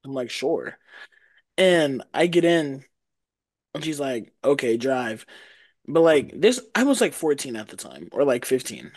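A man's voice: mid-range voice, very animated, a little slow, a little mellow, no room sound. Laid-back young man, dry close sound. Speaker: podcast co-host. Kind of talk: casual chat.

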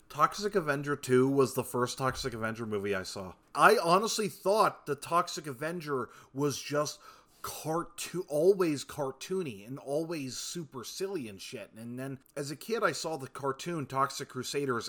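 A man with a mid-range voice co-hosting a casual podcast. His delivery is relaxed and chatty, with some swearing. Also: mid-range voice. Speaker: podcast co-host.

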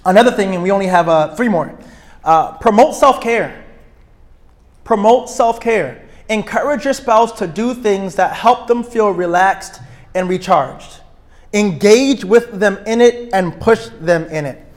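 Energetic man addressing a live audience. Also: high voice, moderate pace. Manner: energetic, self-described extrovert; checks in with listeners, asking "right?". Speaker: speaker at a couples retreat.

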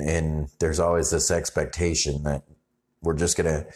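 Slow, deep-voiced man preaching a sermon. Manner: conversational, halting restarts, rising intensity when reading scripture. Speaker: pastor.

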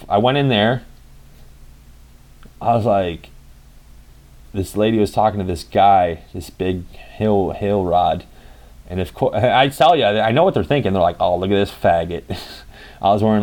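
A man's voice: on the low side, darkish tone. Rambling, profane young man telling a story. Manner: rambling, profane, acts out quoted dialogue. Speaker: vlogger. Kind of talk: casual storytelling.

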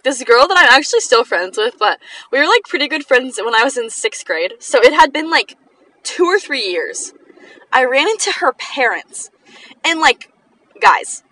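A woman's voice: a little high, sharp tone, poor audio. A young woman telling personal stories in a casual chat while driving in a car, filling her talk with "like" and laughing often. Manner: chatty, fillers of "like", frequent laughter. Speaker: vlogger.

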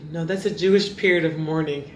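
A co-host trading dry, quick quips in easy conversation, at a middle pitch. The voice carries a roomy echo with a faint hiss behind it. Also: fairly even intonation. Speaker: podcast co-host. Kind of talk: casual chat.

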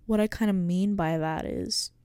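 A teenage woman chats alone into a close microphone, musing and rambling with many fillers. Her voice sounds mellow and soft-edged, and the recording is dry with no room sound at all. She talks like a casual solo podcaster thinking out loud. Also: medium pitch, normal speed, clear, resonant tone, no echo. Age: late teens. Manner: rambling, filler-heavy, reflective. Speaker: podcast host. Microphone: close studio microphone.

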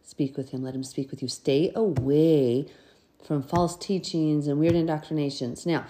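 Woman, low voice, mellow tone, earnest, conversational scripture commentary. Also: steady tone, normal speed, a little hiss or hum. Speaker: podcast host.

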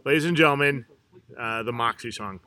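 A man's voice: mid-range voice, a little fast, pushed and bright. A man co-hosting a podcast, joking and teasing in casual chat. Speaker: podcast co-host.

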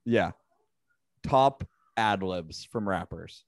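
A relaxed man chats casually as a podcast guest. He drops in quick agreeing remarks. The recording is dry. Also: deep voice, dry recording. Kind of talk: casual chat.

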